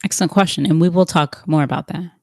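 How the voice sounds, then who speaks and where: A woman's voice: lowish voice, fast talker, darkish tone, dry recording. Dry-sounding woman podcast co-host. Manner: guides the talk with questions to her co-host. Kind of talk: explanatory podcast conversation.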